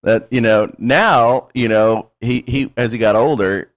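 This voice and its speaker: A man's voice: medium pitch, a little slow. Man, podcast host, casual chat, blunt, profane, laughing.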